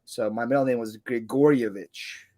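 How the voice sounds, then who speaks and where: A man's voice: mid-range voice, normal speed, a crowd in the background. A man from Russia co-hosting a casual livestream, playful and teasing. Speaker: livestream co-host. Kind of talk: casual live chat.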